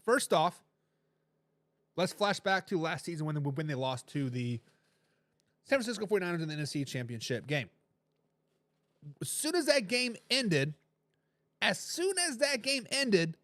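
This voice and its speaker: A man's voice: high-pitched, very animated, moderate pace, long pauses, fairly bright tone, dry recording. A man hosting a sports talk show, emphatic and repeating phrases to drive his points home. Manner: reads viewer comments aloud with a laugh.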